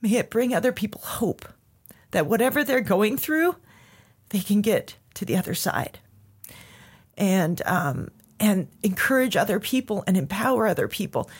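A woman's voice: mid-range voice, husky. A woman guest on a podcast, telling a personal story in a heartfelt way, at times tearful.

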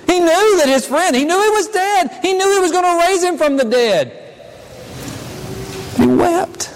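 A man preaching a sermon, his delivery impassioned, swinging between loud pleas and hushed, quiet passages. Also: extremely high pitch, in a large hall, slight background noise, poor audio. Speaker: pastor.

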